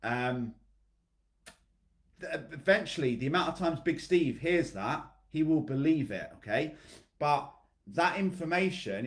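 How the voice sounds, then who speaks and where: A man coaching his fitness clients in a blunt, motivational talk, calling on them by name and checking in with "okay?". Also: medium pitch. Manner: blunt, repeats "okay?", swears freely.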